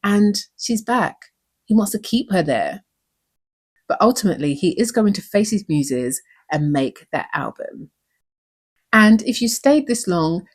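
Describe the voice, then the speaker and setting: In a husky, mid-range voice, a woman hosts her own YouTube recap show, breaking down a TV episode. She is earnest and emotional, asking question after rhetorical question.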